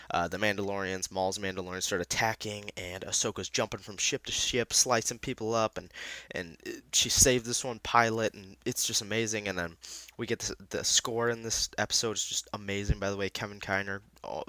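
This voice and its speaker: A male host giving an excited, rambling casual recap, full of fillers and restarts. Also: on the low side, clear, resonant tone, no room sound.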